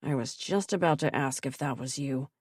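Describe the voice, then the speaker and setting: A woman doing a low-voiced, muttering young man. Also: fairly even intonation, normal speed, darkish tone, dry recording, clean studio sound, close to an everyday voice. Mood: wary. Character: injured young man, wary and dry.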